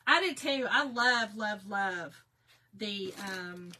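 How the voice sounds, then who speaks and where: A woman's voice: medium pitch, expressive, slow, pushed and bright. Chatty woman crafting on a livestream. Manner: chatty, laughs often, talks to viewers as y'all. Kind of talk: casual livestream chat while crafting.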